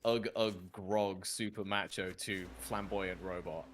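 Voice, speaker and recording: Low-voiced man in casual stream chat. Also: steady tone, unhurried.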